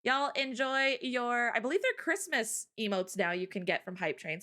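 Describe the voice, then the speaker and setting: A woman hosting a live stream, chatting casually, loud and laughing often. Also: on the high side, expressive, moderate pace. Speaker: streamer host.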